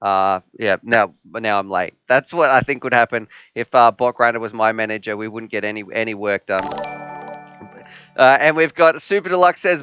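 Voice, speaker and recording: A man's voice: on the high side, normal speed, bright, forceful tone, smooth, dry recording. Man, live stream host, casual chat, dry close mic, dull lo-fi sound. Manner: chatty, joking, rambling with fillers.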